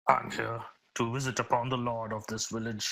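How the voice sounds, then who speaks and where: A man's voice: mid-range voice, flat delivery, normal speed, vocal fry, bright, forceful tone, rough recording. A man voicing a humble, courteous wandering priest who speaks in formal, gracious phrases.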